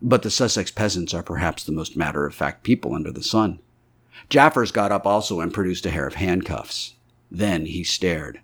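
A man's voice: low voice, lively intonation, moderate pace, a bit bright, husky. A man reading a classic novel aloud as an audiobook narrator, telling it in a vivid way. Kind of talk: scripted narration.

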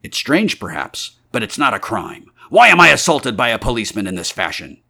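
A man's voice: medium pitch, very animated, fairly quick, creaky, pushed and bright, slightly rough, full character voice. A man reading an audiobook, voicing an irritable, proud invisible man who talks curtly and indignantly. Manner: curt and indignant.

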